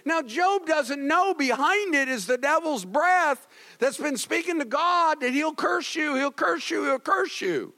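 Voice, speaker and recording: A male pastor preaching a sermon, moving between loud exhortation and quiet, heavy passages. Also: very high-pitched, expressive, measured pace, big-room sound. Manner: swings from loud exhortation to hushed grief.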